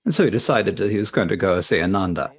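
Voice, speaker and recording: A man's voice: low voice, quick pace, breathy edge. A man retelling a Buddhist scripture story in a lecture, plain and repetitive, with asides. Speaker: interpreter of a Buddhist teaching.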